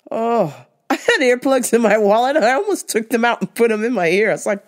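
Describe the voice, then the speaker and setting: A woman's voice: mid-range voice, very animated, a little fast. A woman hosting a podcast who tells stories in a candid, blunt way and swears freely. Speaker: podcast host. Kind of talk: casual storytelling.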